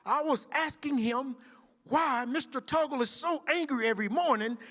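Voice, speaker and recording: A man doing a shouting older woman recruit. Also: sits high, moderate pace, big-room sound, voice pushed up. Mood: shouted. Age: 50s. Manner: barked military replies with sir. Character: older female recruit shouting answers at drill.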